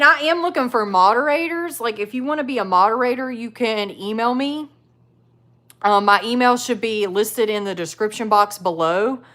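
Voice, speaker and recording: A woman's voice: mid-range voice, fairly bright tone. A woman hosting a casual live stream, reading chat comments aloud and talking with viewers. She chats loosely, laughs often and fills her talk with "like". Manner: chatty, laughs often, many "like" fillers. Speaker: livestream host reading chat.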